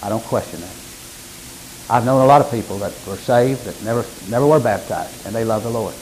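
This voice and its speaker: A man preaching a sermon, reading scripture aloud and explaining it, with sudden emphatic rises in pitch and loudness. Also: fairly quick, slight background noise, rough recording. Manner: emphatic, rising to sudden loud peaks.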